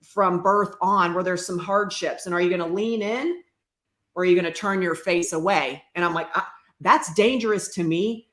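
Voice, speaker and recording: A woman's voice: lowish voice, fairly even intonation, moderate pace, a bit bright, reverberant. A woman guest on a talk show, earnestly telling the story of her grief and faith in a reflective way.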